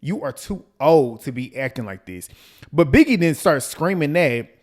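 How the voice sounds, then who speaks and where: A man with a slightly high voice runs through a reality TV recap in casual commentary. He talks bluntly and profanely, with lots of animation. He mimics the people he quotes and repeats lines to drive a point home. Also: big pitch swings, moderate pace, a little mellow. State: out of breath.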